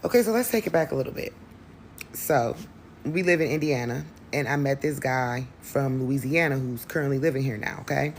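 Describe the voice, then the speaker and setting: A woman's voice: rumbling low, a little fast, a little hiss or hum. A woman telling a storytime vlog in a chatty, emphatic way, talking straight to her viewers. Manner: chatty, emphatic, addresses the audience directly. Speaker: vlogger.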